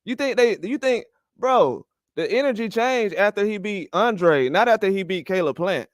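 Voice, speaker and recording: Heated profane boxing rant, high voice. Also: male voice, expressive, moderate pace, no echo, clean studio sound. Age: older. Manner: fired up, profane, repeats rhetorical questions. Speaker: boxing commentary host.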